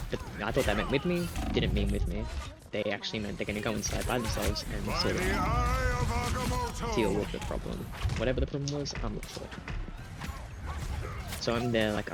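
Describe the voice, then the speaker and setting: A young man telling a rambling storytime story, with lots of fillers and giggles. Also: lowish voice. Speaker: gaming storyteller. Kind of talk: casual storytime while gaming. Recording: game music playing under the voice.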